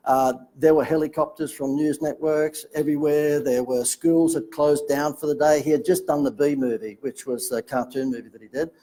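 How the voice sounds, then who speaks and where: A middle-aged Australian man telling chatty, animated anecdotes from his marketing career. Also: medium pitch, low-quality recording. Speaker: marketing speaker telling a story. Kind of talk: casual storytelling talk.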